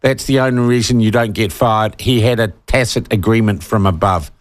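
A man's voice: fairly low pitch, normal speed. A man in his sixties with a New Zealand accent, hosting talkback radio and reading out texts, indignant and emphatic as he gets worked up. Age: 60s. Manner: indignant, emphatic, growing heated. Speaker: talk radio host. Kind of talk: opinionated talkback radio monologue.

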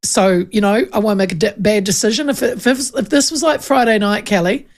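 A woman radio host chatting casually and telling stories in an animated way. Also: mid-range voice, fairly quick. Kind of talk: casual chat.

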